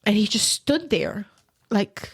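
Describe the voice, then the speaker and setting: A husky, animated woman with a mid-range voice tells a personal story as a guest on a podcast. Her delivery is earnest yet hesitant, with frequent restarts.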